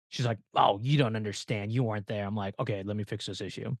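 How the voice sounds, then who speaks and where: A man hosting a podcast, telling stories in a casual, animated way and acting out the people he quotes. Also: medium pitch, quick pace, no room sound. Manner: animated storyteller, acts out quoted dialogue. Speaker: podcast host.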